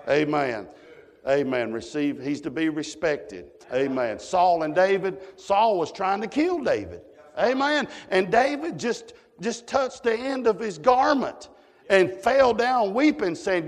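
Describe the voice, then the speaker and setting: A man's voice: a little high, animated, a little slow. A man preaching a fervent sermon, punctuating his points with frequent amens. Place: church sanctuary. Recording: long church hall reverb.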